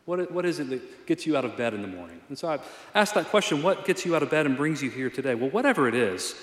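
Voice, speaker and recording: A man with a slightly high, sing-song voice preaches quickly from a church sanctuary, where echoey hall reverb colors the sound. He speaks as a pastor in an earnest, conversational way, with some self-deprecating humor.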